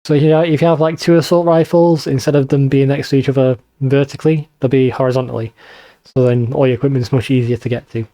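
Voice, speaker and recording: A man's voice: medium pitch, flat delivery, fast, dark tone. A man with a northern English accent chatting casually and swearing while commenting on a video game. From northern England. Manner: chatty, swears freely, mocking asides. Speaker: let's play host.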